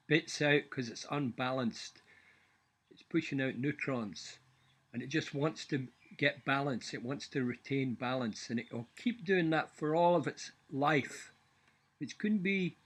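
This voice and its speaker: A man telling a tall tale in an animated way, with plenty of swearing and a deadpan punchline. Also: mid-range voice, husky. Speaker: storyteller.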